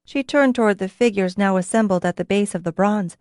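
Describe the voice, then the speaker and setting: Here a woman gives scripted narration for a fantasy audiobook, her mid-range voice steady and measured. The sound is clean studio audio without any echo.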